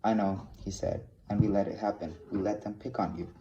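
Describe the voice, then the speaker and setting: A man's voice: lowish voice, fairly even intonation, fairly quick, mellow, a little hiss or hum, natural voice. A man reading as a blunt, earnest teacher. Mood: gentle. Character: earnest middle-aged male teacher, blunt. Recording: dull lo-fi read-aloud recording.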